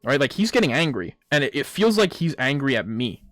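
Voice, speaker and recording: A man's voice: mid-range voice, very animated, fairly quick, fairly bright tone, no echo, studio quality. A young man rambling casually and swearing a lot while he plays a game and tells stories, with plenty of fillers. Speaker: gaming vlogger.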